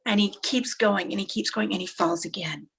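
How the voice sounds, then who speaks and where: Woman, motivational speaker, husky voice, emphatic storytelling, repeats lines. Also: medium pitch, normal speed. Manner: animated, emphatic, repeats phrases for effect.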